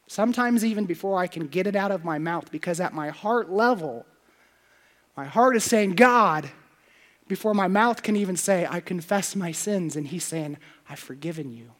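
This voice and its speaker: A man preaching a sermon as pastor, confessional, going from hushed prayer to loud, playful asides. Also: on the high side, normal speed.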